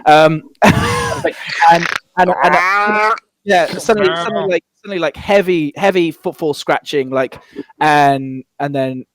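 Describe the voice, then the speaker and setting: A man narrating as dungeon master in a casual, halting way, full of fillers and repeats. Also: a little high, a bit bright, no echo. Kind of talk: narrating a tabletop game.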